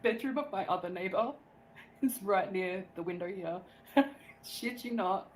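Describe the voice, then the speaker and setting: A woman's voice: medium pitch, a little slow, low-quality recording. Giggly woman vlogging over background noise. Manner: chatty, giggly storytelling. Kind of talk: casual vlog chat. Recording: played-back vlog clip with background noise.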